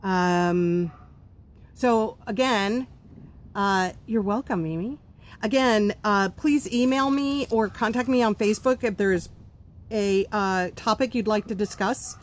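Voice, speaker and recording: A woman's voice: medium pitch, a little slow. A woman hosting a live stream about running a home baking business, answering viewer comments in a blunt, chatty way with lots of ums. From not from Pennsylvania.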